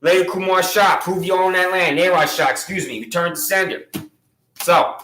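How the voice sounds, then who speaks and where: A man's voice: sits high, steady tone, normal speed, fairly bright tone, reverberant, slight background noise, low-quality recording. A man making an impassioned public complaint against local officials, accusatory, sarcastic and repetitive.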